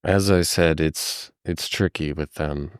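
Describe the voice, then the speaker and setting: A man's voice: extremely low pitch, steady tone, slow pace, smooth, no echo, studio quality, heavily acted. A man voicing a courteous, grave male forest guide who speaks formally and respectfully.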